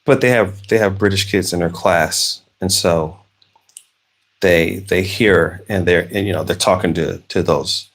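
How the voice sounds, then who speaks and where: A man's voice: low-pitched, measured pace. A man from Arkansas with a Southern American accent, casually chatting on a live stream while crafting, rambling with frequent restarts. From Arkansas, USA. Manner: rambling, conversational, with many restarts. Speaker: livestream host. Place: home, crafting.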